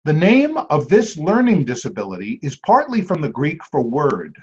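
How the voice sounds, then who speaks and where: A man hosting a trivia quiz, reading clues aloud and repeating each one slowly. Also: on the high side, huge pitch swings, darkish tone, breathy edge. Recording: dull lo-fi amateur recording.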